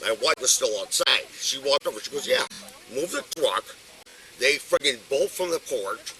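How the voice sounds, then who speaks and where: Caught on a police body camera outdoors on a street, an older man who has been detained argues heatedly and insistently with officers, swearing as he goes. His medium-pitched voice is animated, bright and forceful at normal speed, though the audio is poor.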